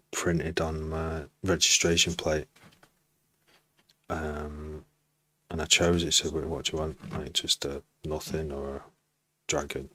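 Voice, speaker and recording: A man's voice: a bass voice, fairly bright tone. A man from Cheshire chatting casually and rambling with asides while he streams a music production session. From Cheshire, England. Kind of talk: casual livestream chat.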